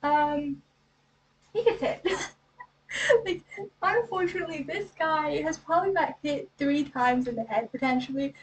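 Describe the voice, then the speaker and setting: Woman vlogger, high voice, mic set back from her; breezy recap full of "right?" and quick asides. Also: recorded from a distance, poor audio. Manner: chatty, rhetorical questions, acts out lines in quick asides. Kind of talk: casual book recap and analysis.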